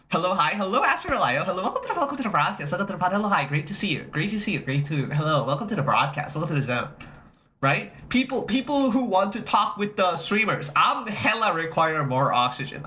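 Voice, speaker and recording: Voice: medium pitch, slight background noise. A livestreamer in casual chat, rambling and repeating phrases, swearing freely and greeting viewers as they arrive. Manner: animated, reacting to chat.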